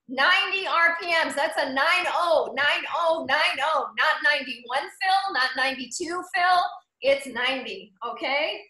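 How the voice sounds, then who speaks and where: A woman leads an online cycling class with a high, bright voice, cheering riders on by name and counting down each interval. She sounds roomy and echoey, as if she is coaching through a video call. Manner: upbeat, encouraging, calls out riders by name; counts down seconds and cadence. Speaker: cycling instructor.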